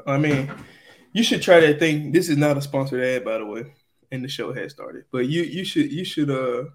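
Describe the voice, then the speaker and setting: A man's voice: medium pitch, moderate pace. A young man in his twenties from Mississippi with a Southern American accent, co-hosting a podcast in a playful, teasing casual chat. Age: 20s. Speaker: podcast co-host.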